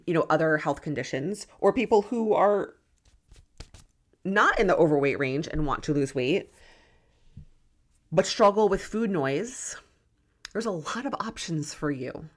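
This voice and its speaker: A young adult woman hosting a solo podcast, talking in an emphatic, worked-up, tough-love way. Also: lowish voice. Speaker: podcast host, nutrition coach. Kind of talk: passionate solo podcast talk.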